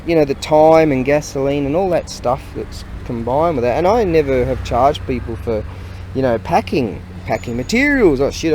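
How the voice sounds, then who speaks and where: A man's voice: mid-range voice, darkish tone, a little hiss or hum. A man chatting casually outdoors near a hardware store, rambling and laughing often. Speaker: vlogger and online seller. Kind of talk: casual chat.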